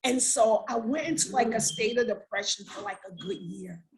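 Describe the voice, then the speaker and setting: A woman's voice: a little high, moderate pace, rough recording. A middle-aged woman, the mother of an incarcerated son, telling her story as an interview guest and acting out the dialogue with feeling. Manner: animated retelling, acting out dialogue. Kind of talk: emotional personal storytelling.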